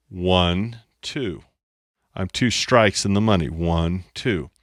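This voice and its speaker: A man's voice: low-pitched, slow pace, a bit bright, no echo, studio quality. A man teaching a lesson at a board, playful and self-mocking, often repeating his phrases. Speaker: instructor. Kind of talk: explaining on a whiteboard.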